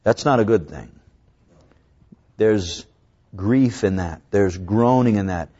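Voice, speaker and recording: A man preaching a sermon, reading scripture slowly and swinging between raised, urgent lines and low, hushed ones. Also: expressive. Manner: preaching with dramatic rises and drops; slows down to draw out scripture quotes. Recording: dull lo-fi recording.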